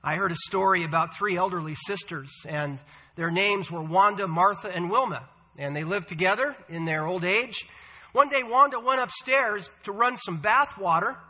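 A male pastor with a high voice and a very bright, sharp tone. He preaches in a measured, earnest way, pausing on the odd "uh". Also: breathy edge. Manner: measured, earnest delivery with "uh" fillers. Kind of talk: sermon.

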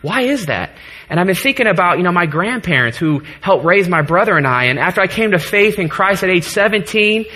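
A man's voice: high-pitched, animated, a little fast, bright, forceful tone. A man in his thirties preaching a sermon to his congregation in a church, earnest, joking at times and getting choked up. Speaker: pastor.

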